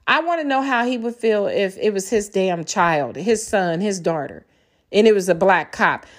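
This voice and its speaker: A woman's voice: mid-range voice, expressive, moderate pace. A woman with grown children and grandchildren, delivering an impassioned, blunt and profane solo monologue as a podcaster. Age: older. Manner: angry, blunt, profane ranting.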